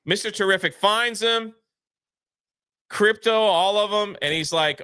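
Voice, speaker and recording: A man's voice: sits high, unhurried, sharp tone, clean tone, no room sound, studio quality. A man co-hosting a casual live movie review, recapping the plot scene by scene and acting out the characters' lines.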